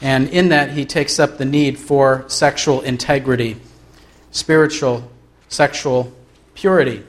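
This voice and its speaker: A man preaching a sermon as pastor, reading aloud from a book and slowing down to stress key words. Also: medium pitch, steady tone. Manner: earnest, slows down for emphasis.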